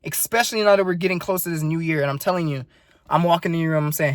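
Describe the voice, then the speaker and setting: A man's voice: fairly high pitch, fairly even intonation, fast, no echo, clean studio sound. A nineteen-year-old man rambling in a casual video diary, earnest and full of swearing. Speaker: vlogger.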